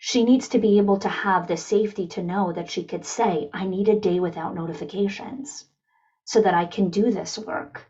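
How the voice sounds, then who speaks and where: A woman with a medium-pitched, slightly breathy voice speaks at a normal pace through dull audio as she leads an online town hall for school leaders. Energetic and coach-like, she voices the people she quotes.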